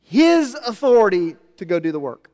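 A man preaching a sermon, with animated delivery that swings between loud emphasis and soft, low asides. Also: normal speed. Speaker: pastor. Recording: long hall reverb.

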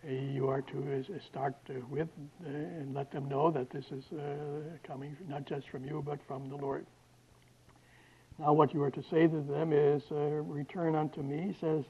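A man giving a classroom Bible lecture, halting often with fillers and restarts. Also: fairly high pitch, husky. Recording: dull lo-fi lecture recording.

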